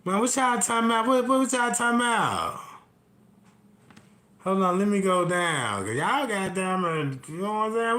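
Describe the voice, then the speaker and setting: A man ranting comically to his live chat, telling a rambling, profane story full of repeated asides and swinging between loud outbursts and low mutters. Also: lively intonation, moderate pace. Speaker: livestream host. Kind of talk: comedic rant to a live chat. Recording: roomy echo.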